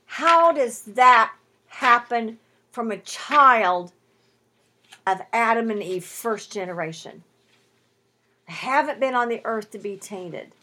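A woman's voice: on the high side, expressive, slow pace, long pauses, sharp tone, slightly rough. A woman teaching the Bible at home, reading scripture aloud and pressing her points with emphatic rhetorical questions and stretched key words.

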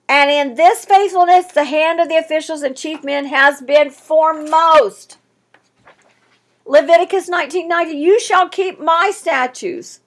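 High-voiced emphatic woman teaching scripture. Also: normal speed. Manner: emphatic, reads scripture aloud with commentary. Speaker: Bible study teacher. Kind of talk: Bible study lesson.

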